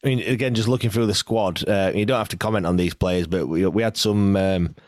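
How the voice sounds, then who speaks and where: A man's voice: on the low side, a little fast, darkish tone, no room sound, clean studio sound. A man hosting a casual interview, asking questions with hesitant restarts. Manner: hesitant, with many fillers and restarts. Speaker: podcast interviewer.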